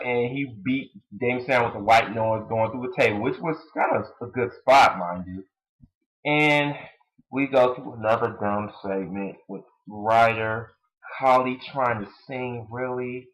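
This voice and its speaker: Young man, casual wrestling review, opinionated, lively pitch. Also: poor audio. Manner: rambling, blunt and opinionated, many fillers.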